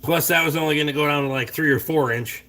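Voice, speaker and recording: Here a middle-aged man runs a casual late-night stream, swearing freely and speaking bluntly as he rambles and responds to chat. He talks fast, with a fairly high, bright, forceful voice.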